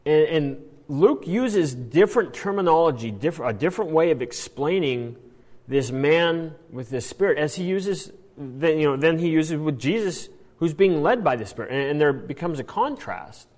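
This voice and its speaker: A man teaching a Bible passage in an animated sermon style, often restarting his phrases. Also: on the high side, moderate pace, big-room sound. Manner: animated, acts out quoted lines, frequent restarts. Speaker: preacher.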